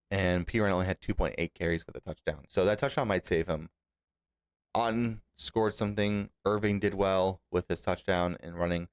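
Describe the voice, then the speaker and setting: A young man with a fairly low voice talks through a fantasy football recap on his own. He gets animated and exasperated as he scolds the team managers over their lineups. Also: clean tone. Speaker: podcast host.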